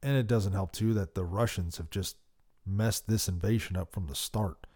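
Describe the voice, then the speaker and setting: A man hosting a podcast, giving passionate political commentary that swings from loud outbursts to quiet worry. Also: low-pitched, moderate pace. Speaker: podcast host.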